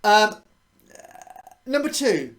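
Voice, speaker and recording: A woman's voice: mid-range voice, very animated, very slow. A woman giving a casual, rambling reaction to a match as a channel host. She swears freely and often restarts her sentences.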